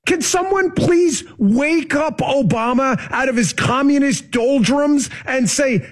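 A man hosting a political talk show, talking fast and emphatically in a heated rant. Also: very high voice.

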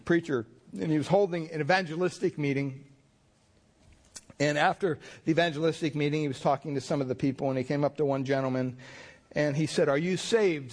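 A male pastor preaching a sermon in a folksy, rambling way, telling stories with many fillers. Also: on the high side.

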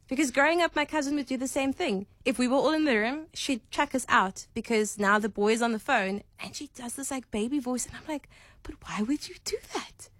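A woman co-hosting a radio show in casual chat, telling stories in an animated way. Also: high-pitched, brisk, few pauses, no echo.

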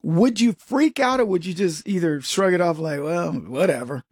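Husky-voiced man giving blunt commentary. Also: high voice, expressive, moderate pace, no echo, clean studio sound. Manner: emphatic, repeats words, talks straight to viewers. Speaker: commentary host. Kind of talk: opinion commentary monologue.

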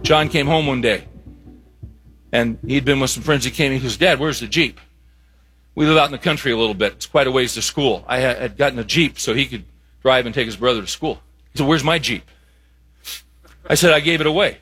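An older man preaching a sermon, reading scripture and telling stories, rising to an emphatic pitch when he stresses a point. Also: fast, fairly bright tone, husky.

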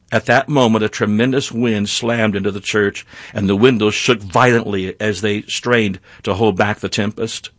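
Male history narrator, earnest and measured, mid-pitched, dry close recording. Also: fairly bright tone, no echo. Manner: measured, earnest storytelling with small slips.

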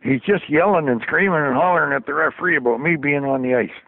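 Talking fast in a fairly high, gravelly voice, an ex-hockey trainer recounts homespun anecdotes during an interview, laughing softly as he goes. The phone line is dry and tinny, with no echo.

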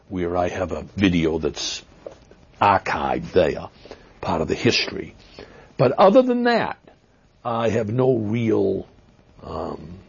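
A man with a Boston accent answering interview questions, halting with fillers and restarts, stressing words with emphasis, heard on dull lo-fi audio. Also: low voice, vocal fry, breathy edge. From Massachusetts. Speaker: interview guest.

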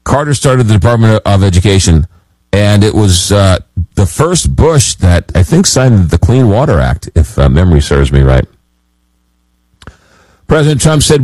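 A man hosting a late-night call-in radio show, reading listener messages and talking with callers, often halting on fillers. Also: low voice, sing-song, darkish tone, no room sound, rough recording.

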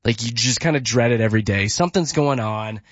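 A man's voice: medium pitch, a little fast, no room sound. A man hosting a morning radio show, chatting casually and telling stories on air. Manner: chatty storytelling, lively. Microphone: studio mic. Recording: muffled broadcast audio with faint music.

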